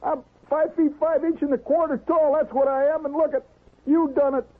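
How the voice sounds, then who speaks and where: A man voicing a sulking, aggrieved teenage boy in a high, whiny voice, heard over an old radio broadcast. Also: little pitch movement, normal speed, narrow, tinny audio.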